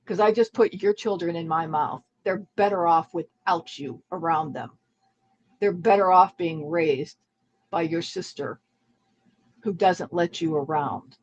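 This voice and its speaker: Woman, husky and slow, taunting and contemptuous, repeats her dares. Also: low-pitched, lo-fi sound. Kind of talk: heated online argument.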